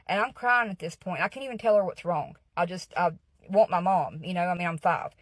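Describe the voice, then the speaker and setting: A woman's voice: mid-range voice, brisk, no echo, low-quality recording. A woman telling a personal story in a casual, earnest way, often checking in with her listeners. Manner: earnest, keeps checking in with "okay?". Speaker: guest storyteller.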